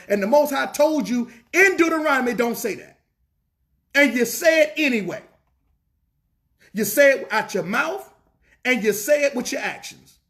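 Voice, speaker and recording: In a church, a man with a high, animated, fairly bright voice preaches a fervent sermon at a normal speed. He repeats lines and throws rhetorical questions at the congregation, speaking with a Southern US accent.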